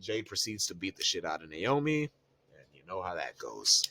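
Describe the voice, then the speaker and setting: A man co-hosting a podcast in casual chat, telling stories in a profane, slangy way, his voice jumping high when he gets excited. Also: normal speed. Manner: animated storytelling, voice jumps high when excited. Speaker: podcast co-host.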